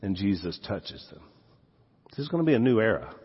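Speaking a little fast in a fairly low, slightly husky voice, a Southern US pastor gives an animated sermon. His delivery surges for emphasis and then drops into hushed asides, all heard as dull sound with long reverb filling a large hall.

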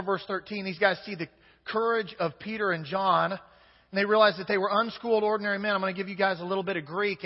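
A man's voice: high-pitched, slightly rough, in a large hall, dull audio. A man preaching a sermon in church, talking straight to the congregation with playful asides. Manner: conversational, addresses the congregation directly with playful asides. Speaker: pastor.

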